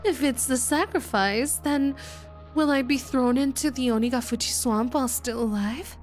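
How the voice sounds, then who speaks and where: A woman's voice: high-pitched, moderate pace, soft background music, voice pushed up, natural voice. A woman voicing a sly, playful teenage girl in a visual novel readalong, with a teasing, conspiratorial delivery.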